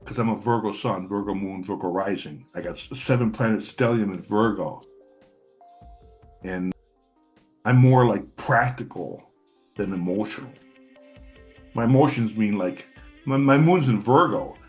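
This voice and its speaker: A man's voice: on the low side, unhurried, pauses often, darkish tone. Middle-aged guy talking blunt and cussing, rambly, faint guitar behind. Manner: blunt, profane, rambling with repeats. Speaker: channel host. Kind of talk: casual personal monologue.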